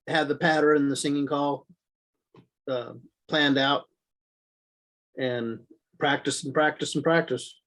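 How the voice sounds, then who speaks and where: A man, a student caller, answering hesitantly with pauses. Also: fairly high pitch, fairly even intonation, a bit bright.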